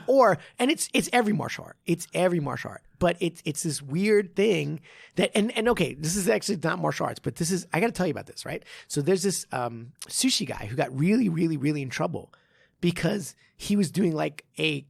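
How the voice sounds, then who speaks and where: A man hosting a podcast and telling animated stories as a martial arts instructor in casual chat. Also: on the high side, fairly quick, vocal fry, breathy edge, dry recording, clean studio sound. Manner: animated storytelling with frequent laughs.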